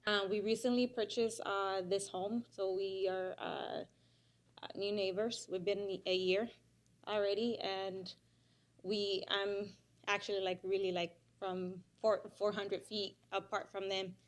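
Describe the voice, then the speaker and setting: A woman's voice: medium pitch, flat delivery, unhurried. Hesitant woman at a public hearing. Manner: hesitant, many fillers. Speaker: resident giving public comment. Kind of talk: public comment at a county hearing.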